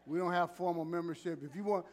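Pastor guy in church, kinda high voice, gets the crowd to repeat after him, cracks jokes. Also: steady tone, fast, a little mellow. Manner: call-and-response, joking with the congregation. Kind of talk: sermon with announcements.

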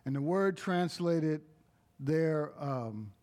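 Slow, emphatic male preacher. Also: fairly high pitch, animated, dark tone. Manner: slow, emphatic, with interjections of praise. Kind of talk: sermon.

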